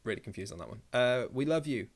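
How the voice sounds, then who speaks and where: A young man chats to his live-stream audience in a loose, rambling way. He drops in jokey asides as he answers viewer comments, and his voice sits in an ordinary middle pitch. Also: expressive, fast. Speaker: YouTuber hosting a live stream. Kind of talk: casual live-stream chat, reading viewer comments aloud.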